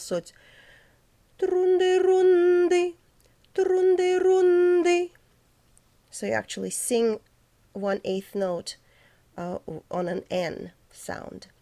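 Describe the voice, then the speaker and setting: A woman teaching a choir the diction of their parts, explaining slowly and precisely and breaking into high, light sung syllables to demonstrate. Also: a little mellow. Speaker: choir director. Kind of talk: choral diction lesson.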